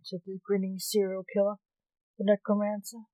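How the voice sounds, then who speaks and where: A woman reading her own short story aloud for a podcast, measured and plain. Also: medium pitch, completely flat delivery, mellow, dry recording, dull audio.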